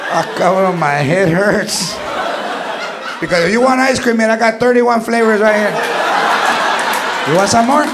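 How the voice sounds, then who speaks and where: A man's voice: high voice, moderate pace, long pauses, very noisy. A man voicing a tough older grandmother who scolds her grandchild, threatening and mixing into English, in stand-up comedy. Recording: loud live club with laughing crowd.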